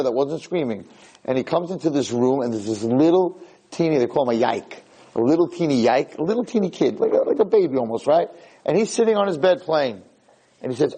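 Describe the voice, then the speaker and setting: A middle-aged man teaching a Torah class, an animated storyteller whose voice leaps high when acting out the quotes, talking quickly and often repeating and restarting words. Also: breathy edge, low-quality recording. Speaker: rabbi lecturer. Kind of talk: Torah class to a live room.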